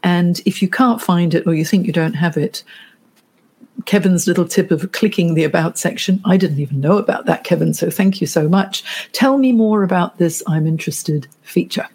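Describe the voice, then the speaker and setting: A woman career coach chatting on a live stream, telling stories and lively when quoting people. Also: fairly low pitch, moderate pace, slightly rough. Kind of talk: casual live-stream chat.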